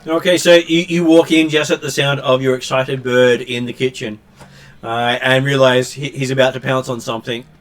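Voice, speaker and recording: A man running a tabletop game as game master, narrating with many pauses and fillers. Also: mid-range voice, steady tone. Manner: halting, many ums and uhs.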